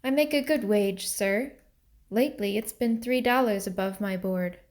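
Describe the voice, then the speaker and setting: A woman's voice: medium pitch, normal speed, a little mellow, close to an everyday voice. A woman voicing a timid but proud young mill girl in a storybook reading, speaking deferentially. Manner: hesitant, deferential, then defiant.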